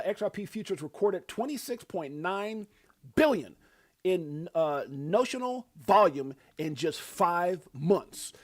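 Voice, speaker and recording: A middle-aged man hosting a crypto livestream in a rambling, chatty way, with many fillers and easy laughs. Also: a little high. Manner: laughs easily. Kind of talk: casual livestream chat.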